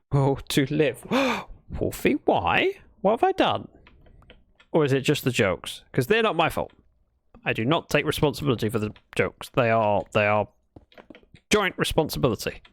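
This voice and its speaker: Lively, gravelly-voiced man streaming a game. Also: mid-range voice, no room sound. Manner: playful, reads out dad jokes to chat. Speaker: livestreamer. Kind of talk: casual gaming livestream chat.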